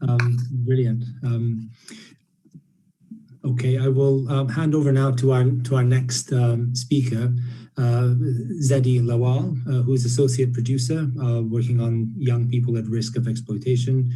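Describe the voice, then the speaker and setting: A man's voice: medium pitch, flat delivery, a little slow, dark tone, rough recording. A man chairing a panel, handing over to the next speaker with many ums and uhs.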